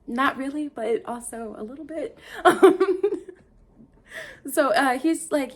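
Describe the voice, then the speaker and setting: A woman's voice: on the high side, lively intonation, normal speed. A young woman from Detroit telling a casual storytime monologue, rambling, interrupting herself and laughing often.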